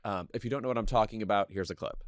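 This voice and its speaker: A man's voice: lowish voice, slight background noise. Wry, arch male podcast host. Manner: wry, arch, quick-witted. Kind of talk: casual chat.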